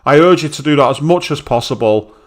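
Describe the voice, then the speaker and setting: A man's voice: fairly high pitch, expressive, a little fast. A man, streaming a game live and speaking bluntly with heavy swearing and open anger. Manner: angry, blunt, swears heavily. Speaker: let's play streamer.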